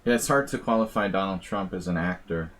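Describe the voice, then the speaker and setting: A man's voice: low-pitched, brisk, a bit bright. A man streaming blitz chess and chatting casually, wry and rambling, laughing at his own jokes. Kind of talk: casual live-stream chat.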